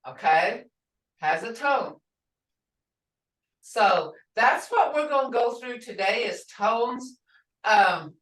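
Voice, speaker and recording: An older woman teaching a language class, who speaks slowly and patiently and repeats each word so her students can hear its tone. She is heard from some way off the mic, in a room with a noticeable echo. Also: medium pitch, a bit bright. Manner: patient, repeats words to model tones. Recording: roomy, distant from the mic.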